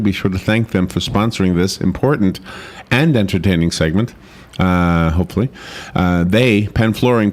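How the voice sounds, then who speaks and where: A man's voice: on the low side, darkish tone. A man hosting a morning radio show in a studio, chatting easily, laughing often and reading sponsor copy. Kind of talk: casual radio talk.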